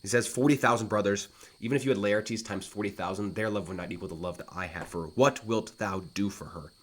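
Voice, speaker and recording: A man reading lines from a play aloud and explaining them in plain, casual terms, like a literature teacher. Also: on the low side. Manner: reads quoted lines slowly and louder, then paraphrases casually.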